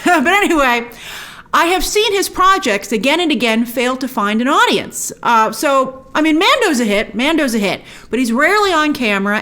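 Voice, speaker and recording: A high-pitched woman talks through a TV series review in a casual, chatty way. Her pitch swoops up and down constantly, and she keeps slipping into playful little asides as she goes. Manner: animated, chatty, acts out quick asides in her own voice.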